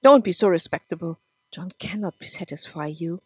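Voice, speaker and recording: A woman's voice: lowish voice, normal speed, a little mellow, slightly rough, no echo. A woman reading the lines of a spiteful, cruel woman who taunts and sneers, in a dry close recording. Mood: sneering.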